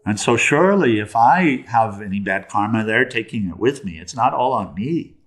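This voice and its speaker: A man voicing a menacing male highwayman who makes bluster and threats, in a spiritual teacher's told story. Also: lively intonation, normal speed. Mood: defensive. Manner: blustering threats, then bewildered. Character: menacing male highwayman robber, later remorseful.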